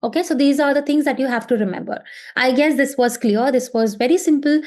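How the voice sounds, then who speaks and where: Woman teacher walking thru grammar slowly, keeps saying okay, kinda high voice. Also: darkish tone. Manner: patient, repetitive, checks in with "okay". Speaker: German teacher. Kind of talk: language lesson explanation.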